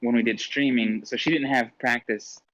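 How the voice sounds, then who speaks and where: A man chats casually as a podcast guest, laughing often while he tells his stories. His voice sits at an ordinary middle pitch. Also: fairly even intonation, normal speed, a bit bright, lo-fi sound. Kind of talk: casual chat.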